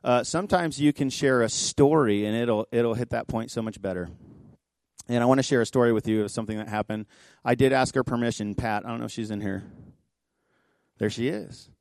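A man pastor giving a sermon in a church, telling a story conversationally with quick asides. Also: mid-range voice, vocal fry, dry recording. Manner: impassioned, rising to near-shouting pleas. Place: church sanctuary.

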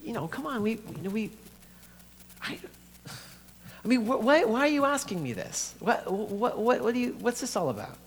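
A man's voice: on the high side, lightly acted. A man playing a frightened, stammering young man. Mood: anxious. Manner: halting, stammering, quiet. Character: frightened young man facing serious illness. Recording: echoey hall, faint hum.

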